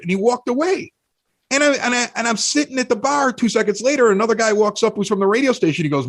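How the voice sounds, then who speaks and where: A man with a Chicago accent, a podcast guest telling animated, self-mocking stories in casual chat, often restarting his sentences. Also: very high voice, fast talker, dry recording.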